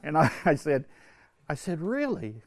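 An older man speaks earnestly to a retreat audience, his voice sitting a little high for a man. He tells a personal story in a halting way, circling back and restarting phrases. The sound is dry and close, with little room around it. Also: darkish tone, dry recording. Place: indoor retreat hall.

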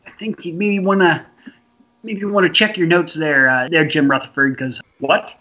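A man's voice: a little high, fairly even intonation, moderate pace, pushed and bright. A man co-hosting a casual sports podcast, sarcastic and profane in his banter. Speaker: podcast co-host. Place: in Canada. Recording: dull lo-fi audio.

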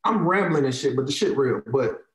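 A man's voice: mid-range voice, lively intonation, fairly quick, reverberant, low-quality recording. A man in his thirties with an African American Vernacular English accent, ranting in casual talk; heated, profane and emphatic, repeating lines to drive his point home. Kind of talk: casual opinionated rant.

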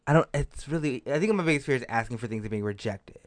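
A man answering personal questions in a podcast, earnest and hesitant, with many pauses and fillers. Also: medium pitch, expressive, no echo. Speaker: podcast co-host being interviewed. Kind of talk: casual chat.

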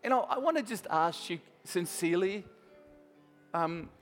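A man's voice: high voice, animated, unhurried, in a large hall, faint music behind. An Australian man preaching a sermon in a church, telling a story in a chatty way and talking straight to the congregation. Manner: chatty, restarts often, speaks straight to the congregation.

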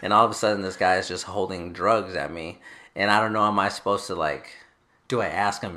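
Man, guest storyteller, wry, self-deprecating, crisp bright tone. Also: deep voice, fairly even intonation, brisk. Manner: wry, self-mocking, trailing off with laughs. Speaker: guest author. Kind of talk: casual storytelling.

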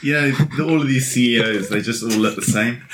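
A man on a comedy podcast, making deadpan, provocative remarks. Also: mid-range voice, a little fast, reverberant, background noise.

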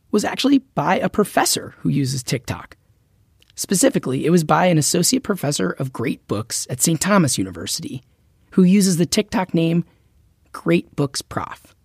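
A podcast host reading a scripted narration in a measured, explanatory way. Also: mid-range voice, big pitch swings, no room sound, studio quality. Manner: clear, measured explainer delivery.

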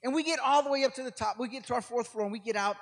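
An older man preaching as a guest speaker, telling rambling stories that build to shouted preaching. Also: extremely high pitch, rapid-fire. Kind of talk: sermon. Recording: long hall reverb.

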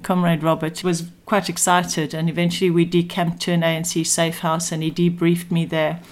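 A woman's voice: fairly low pitch, level tone, normal speed. Older South African woman recounting her past. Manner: earnest, reflective recollection with quoted dialogue. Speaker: former spy interviewee. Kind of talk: personal storytelling. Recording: music bed under speech.

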